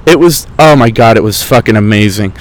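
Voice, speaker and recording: Out in a park, a young man hosting a podcast spins rambling stories that are sarcastic and profane. His voice sits on the low side, expressive and a little fast, and the recording is rough.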